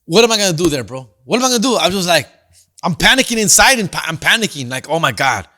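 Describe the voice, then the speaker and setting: A man's voice: high voice, big pitch swings, fast talker, sharp tone. A man hosting a comedy podcast, telling a story in a slangy, profane, casual way. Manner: answers listener questions.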